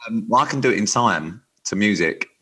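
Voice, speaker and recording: Lively-pitched man, teasing co-host. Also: a little fast, slightly rough. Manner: teasing, deadpan jokes with bursts of silly singing. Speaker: radio show co-host. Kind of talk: playful banter.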